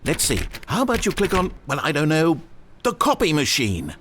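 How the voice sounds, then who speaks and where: A man's voice: fairly high pitch, wildly swooping pitch, moderate pace, a bit bright, slight background noise. An actor playing a wry, theatrical male narrator in a video game, speaking in an articulate way. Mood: giddy cheering.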